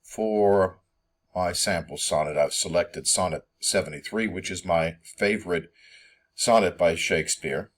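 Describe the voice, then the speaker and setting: A man giving a poetry lesson, reading verse slowly and filling his explanations with ums and uhs. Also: sits low. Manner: hesitant, many ums and uhs; slow, measured reading of verse. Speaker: teacher. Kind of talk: poetry lecture.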